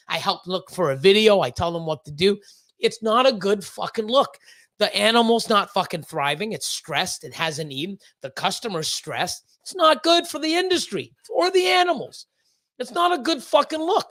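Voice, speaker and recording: A man's voice: sits high, expressive, normal speed, a bit bright. A man who breeds reptiles, hosting a livestream and ranting at length, blunt and heavily profane, often stumbling over repeated words.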